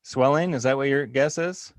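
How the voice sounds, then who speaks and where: A man's voice: mid-range voice, normal speed, no echo. A man hosting a podcast, running a lighthearted quiz game in a casual, playful way and laughing easily. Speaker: podcast host.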